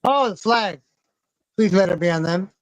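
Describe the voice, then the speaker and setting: A man's voice: high-pitched, moderate pace, no echo, low-quality recording. A man hosting a live stream, chatting and cursing at a football game he plays. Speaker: streamer host. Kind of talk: casual stream chat while gaming.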